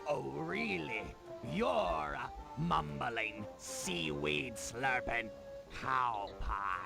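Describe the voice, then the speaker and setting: A man's voice: medium pitch, animated, very slow, creaky, full character voice. An actor playing a cantankerous, greedy male pirate in a video game, growling in pirate slang and blunt insults. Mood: gruff. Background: game music.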